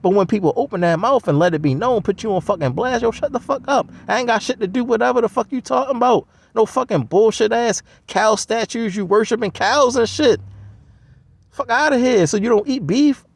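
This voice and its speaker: High, gravelly man ranting. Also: fairly quick. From United States. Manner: blunt, heavily profane, scoffing. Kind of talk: profane solo rant.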